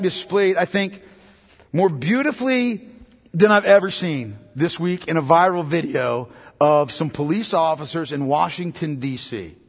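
A man preaching a sermon as pastor, swinging between loud emphasis and quiet, low passages. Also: in a large hall.

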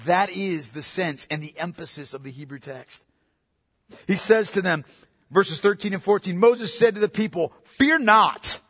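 A man preaching a sermon in an emphatic way, swinging from loud to quiet. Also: high voice, moderate pace, slightly rough, long reverb tail. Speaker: pastor.

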